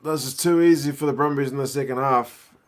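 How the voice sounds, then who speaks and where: A man's voice: medium pitch, fairly even intonation, brisk. Chatty New Zealand man. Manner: chatty, reads viewer comments aloud, says bro. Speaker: live-stream host. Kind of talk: casual live-stream match commentary.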